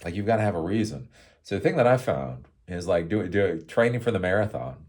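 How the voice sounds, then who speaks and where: A man with a low voice talks through a loose, rambling monologue for his own show. His pitch swings widely, and he breaks into laughter often. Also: very animated, fairly quick, a little mellow. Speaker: show host.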